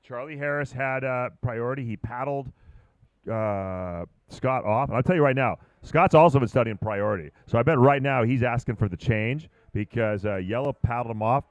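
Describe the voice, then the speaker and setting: A man commentating live at a surf contest, chatting casually and bursting into excited shouts on big waves. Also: mid-range voice, moderate pace, no room sound, lo-fi sound. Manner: calls big moves with sudden excited shouts.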